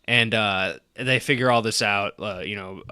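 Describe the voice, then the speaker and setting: A man's voice: lowish voice, normal speed, bright, forceful tone, clean tone, no echo, studio quality. A man co-hosting a podcast in casual chat, rambling with fillers and laughing often. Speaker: podcast co-host.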